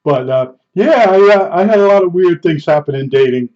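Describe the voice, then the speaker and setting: A man's voice: sits high, expressive, a little fast, darkish tone. A man telling stories in a casual, rambling, self-deprecating way, chuckling as he goes. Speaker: storyteller. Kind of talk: casual storytelling. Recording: dull lo-fi recording.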